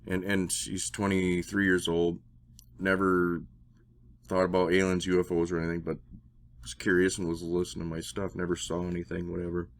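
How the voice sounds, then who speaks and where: Give me a low-voiced man telling a rambling story. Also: normal speed. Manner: rambling, swears, retells scenes with excited acted-out dialogue. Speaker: interview guest. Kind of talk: casual storytelling.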